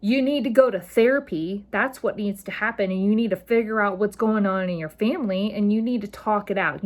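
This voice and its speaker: A woman in her thirties hosting a solo podcast, talking in an impassioned, rambling, emphatic way. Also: medium pitch. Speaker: podcast host. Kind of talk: casual solo podcast monologue.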